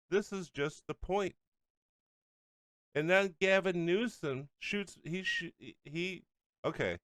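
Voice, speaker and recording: A man hosting a talk show who rants and sneers between clips, his voice smooth and resonant. The sound is close and dry, with no room around it. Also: mid-range voice, fairly bright tone, dry recording. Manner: ranting, mocking, often laughing. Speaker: political radio host. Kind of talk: angry political commentary over clips.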